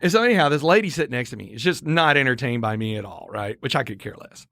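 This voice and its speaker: Gravelly middle-aged American man telling stories. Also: medium pitch, fast talker, no room sound, clean studio sound. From United States. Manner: animated, repeats words while building up a story. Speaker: podcast talker and Marine veteran. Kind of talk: casual storytelling chat.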